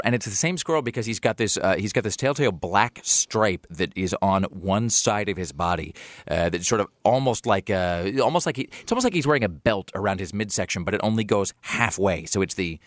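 Fast-talking low-voiced male radio host. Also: no room sound. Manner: rambling anecdotes, lots of uh and like. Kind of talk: casual talk radio chat.

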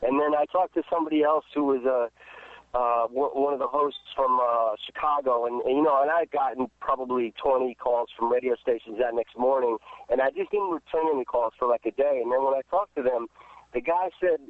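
A man, an actor, answers interview questions in a loose, rambling way full of restarts and fillers. His voice comes through a tinny phone line and sounds dry. His pitch sits in a middle range. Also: steady tone, fairly quick, no room sound. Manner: rambling, many restarts and fillers, laughs often. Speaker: actor guest.

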